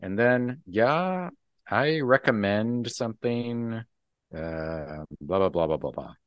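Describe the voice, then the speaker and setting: Man, deep voice, unhurried, casual comic podcast chat, dry recording. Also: clean tone, no echo, highs cut off. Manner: relaxed, rambling, full of ums and laughs. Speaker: podcast co-host.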